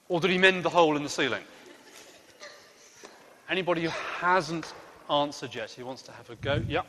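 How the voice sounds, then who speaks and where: A man leading a playful quiz for children during a church service, joking gently as he asks questions. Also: on the high side, big-room sound. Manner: lively, playful quizmaster with gentle jokes. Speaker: children's talk leader at church.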